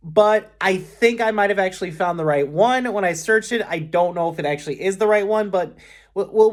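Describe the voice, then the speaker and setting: An upbeat man hosts a reaction video in a loose, casual way. He rambles and keeps correcting himself mid-sentence. His voice now and then cracks. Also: sits high.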